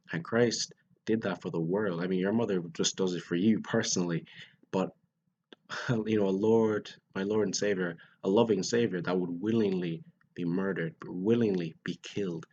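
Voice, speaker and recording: Deep-voiced young guy rambling earnestly about faith, dull lo-fi sound, bit of hiss. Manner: earnest, rambling with many restarts. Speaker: vlogger. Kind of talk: casual faith talk to camera.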